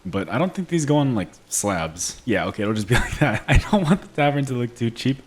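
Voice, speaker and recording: A man's voice: mid-range voice, very animated, a little fast, slightly rough. A man giving casual commentary while building in a video game, rambling playfully and laughing at himself. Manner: playful, giggly, self-mocking rambling. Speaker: gameplay video creator.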